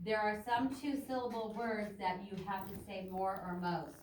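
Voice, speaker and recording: A woman's voice: mid-range voice, moderate pace, recorded from a distance, a little hiss or hum. Woman teacher, chatty grammar lesson in echoey room. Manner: chatty, loose, self-interrupting. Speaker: ESL teacher. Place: classroom. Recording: echoey classroom taped from afar.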